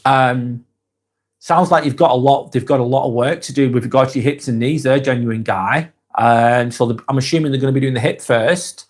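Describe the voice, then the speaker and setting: A man with a Lancashire English accent hosting a live stream, reading viewers' comments aloud and answering in a relaxed, chatty way, tired and fatigued. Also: medium pitch, moderate pace. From England.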